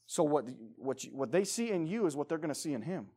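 A man preaching a sermon as pastor, emphatic, swinging between loud urging and quiet pleading. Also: fairly high pitch, animated, fast talker, breathy edge.

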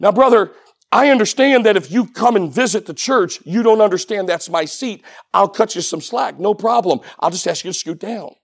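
Gravelly high-pitched preacher man. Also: normal speed. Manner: animated storytelling that swings from hushed to shouting. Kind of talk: sermon.

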